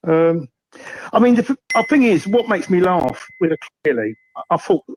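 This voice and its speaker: A man's voice: high voice, big pitch swings, moderate pace, a little mellow, a little hiss or hum, low-quality recording. A man calling in by phone to a football chat show, rambling and hesitant, with lots of ums. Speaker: caller.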